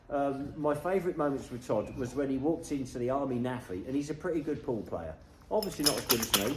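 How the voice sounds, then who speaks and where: A middle-aged man from Britain telling rambling, jokey stories to camera and chatting to his dog between them. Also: medium pitch. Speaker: vlogger. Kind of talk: casual storytelling to camera. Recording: echoey room with some noise.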